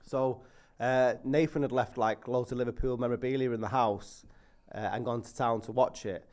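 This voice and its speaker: A man's voice: mid-range voice, steady tone, normal speed, darkish tone. A man, co-hosting a casual football podcast, self-mocking with crude humour and hesitant restarts. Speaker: podcast co-host.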